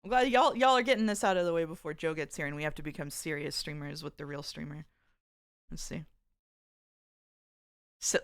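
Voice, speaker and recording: A woman's voice: low-pitched, sing-song, normal speed, long pauses, a bit bright. Chatty woman streamer reading chat. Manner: reads chat aloud, chatty and giggly. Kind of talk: casual live-stream chat.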